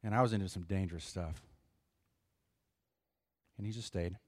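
A middle-aged man preaching a sermon in an earnest, conversational way, pausing for emphasis. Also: low voice, dry recording. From United States. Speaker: pastor.

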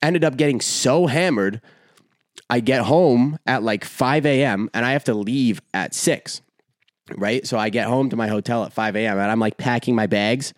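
Brief: young male podcast host, animated profane storyteller, dry close mic, mid-pitched. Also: moderate pace, no echo. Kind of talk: casual storytelling chat.

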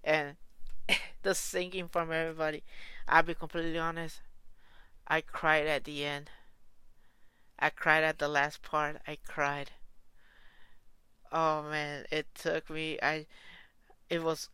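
A woman talking in a casual reaction vlog, excitable and gushing, with slangy phrasing and frequent restarts. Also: sits low, takes it slowly, pauses often, clear, resonant tone, no room sound. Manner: slangy, informal.

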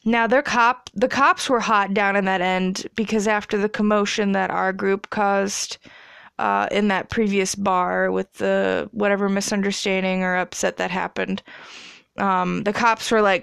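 Young woman vlogger, gravelly but smooth voice, dry close sound, swears and laughs through a long story. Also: mid-range voice, fairly bright tone, no room sound. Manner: rambling, profane, laughing often. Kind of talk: casual storytime.

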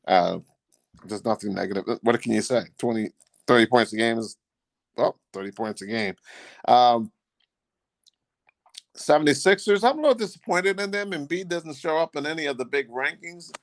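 A man co-hosting a podcast, talking casually about basketball in a rambling, halting way with many restarts. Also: medium pitch, lively intonation, creaky, dry recording. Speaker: podcast co-host. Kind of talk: casual sports chat.

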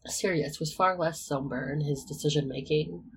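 A reader narrating a romantic fan fiction story in a steady, even manner. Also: medium pitch, moderate pace, slightly rough, rough recording. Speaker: audiobook reader. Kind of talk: reading fan fiction aloud.

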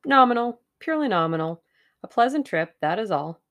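A woman doing a smooth scheming businessman. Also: a little high, big pitch swings, a little fast, a bit bright, pitched above the performer's own voice. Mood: smooth, persuasive. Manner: genial and persuasive.

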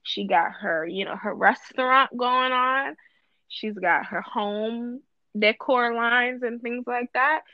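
A woman's voice: fairly high pitch, slow, dry recording, highs cut off. A woman co-hosting a casual podcast chat, talking emphatically and repeating phrases for stress. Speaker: guest co-host.

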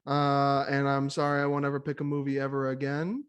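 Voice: mid-range voice, completely flat delivery, fairly quick, clear, resonant tone, dull audio. A podcast co-host in casual chat, jokey and a little apologetic.

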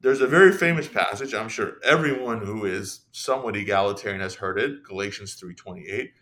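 A young man, a podcast guest, talking in an animated, casual way, with many restarts and asides. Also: on the low side, fairly quick. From Iran. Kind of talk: casual conversational discussion.

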